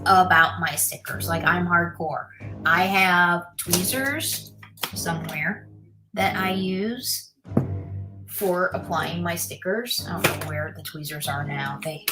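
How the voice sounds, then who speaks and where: A woman casually chatting on a livestream, answering viewer comments and muttering to herself as she builds. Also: lowish voice. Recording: music playing under the voice. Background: music.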